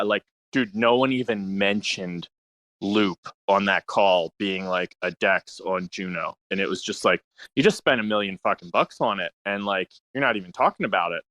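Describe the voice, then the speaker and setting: Man, casual chat, excitable, repeats words, bright crisp voice, dry sound. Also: moderate pace, no room sound. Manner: excitable, repeats words when pitching ideas.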